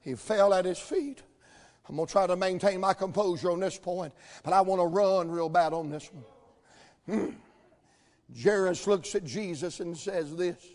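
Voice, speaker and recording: High-voiced preacher in a reverberant hall. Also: male voice, steady tone, fairly quick, few pauses. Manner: folksy storytelling preaching, rising to shouts. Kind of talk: sermon. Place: church.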